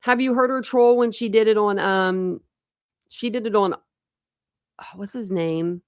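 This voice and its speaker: A woman's voice: mid-range voice, measured pace, smooth, no room sound, clean studio sound. A woman chatting casually on a true crime live stream, rambling with lots of fillers and talking to her chat.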